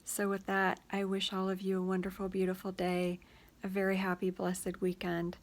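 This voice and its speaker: A woman hosting her own show, gently thinking out loud in a casual, reflective way with many pauses and fillers, sometimes dropping to a soft whisper. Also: medium pitch, completely flat delivery. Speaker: host of a personal reflection show.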